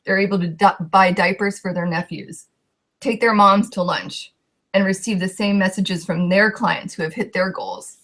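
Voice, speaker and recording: A woman's voice: medium pitch, a bit bright. A young woman, a coach, telling her personal story with heartfelt emotion and a voice that shakes at times.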